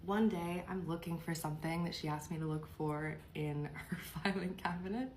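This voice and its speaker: A woman's voice: lowish voice, fairly even intonation, moderate pace, slight background noise. A young woman from the United Kingdom telling a gossipy story in a chatty, casual way.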